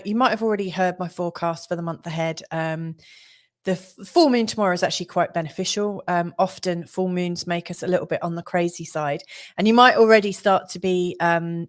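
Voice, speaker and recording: A woman astrologer hosting a live stream, chatting casually with many fillers and frequent laughs. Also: lowish voice. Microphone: studio mic.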